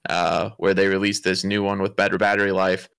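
Male co-host, lowish gravelly voice with bright edge, opinionated and sarcastic. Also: level tone, fairly quick. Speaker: podcast co-host. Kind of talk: casual gaming chat.

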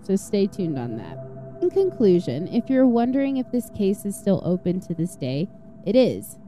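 Profane, mellow-voiced true-crime podcast woman. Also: mid-range voice, huge pitch swings, moderate pace, soft background music. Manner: profane, blunt, sarcastic asides. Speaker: podcast host. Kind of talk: casual true-crime storytelling.

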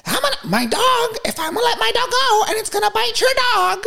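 A furious woman shrieks insults in a voice pushed far up into a screeching yell, as a man puts her on. She sounds hostile and out of control, and every line comes out as a shout. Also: sing-song, brisk, gravelly, full character voice. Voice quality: shrill, yelling insults. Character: shrieking angry middle-aged woman, hostile.

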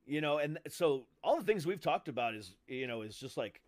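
A man in casual chat, talking in a laid-back, drawn-out way. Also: a little high, sing-song.

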